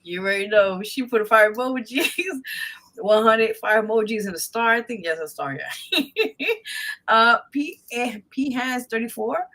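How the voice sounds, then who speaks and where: Bright, lively woman hosting a live show. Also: on the high side, unhurried. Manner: laughs a lot, reads out chat comments. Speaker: radio show host. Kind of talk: casual live show chat.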